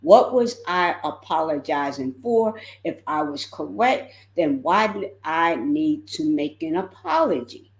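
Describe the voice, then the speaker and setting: A woman coaching her viewers in a motivational livestream, speaking slowly and leaning on repeated words for emphasis. Her voice sits a bit low and carries a roomy echo. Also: sing-song, gravelly. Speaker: life coach.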